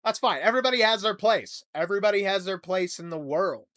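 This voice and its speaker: A man's voice: high voice, animated, fast talker, fairly bright tone. A young man hosting a comedy podcast, rambling through a profane, jokey monologue. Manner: rambling, profane, jokey rants with mock voices.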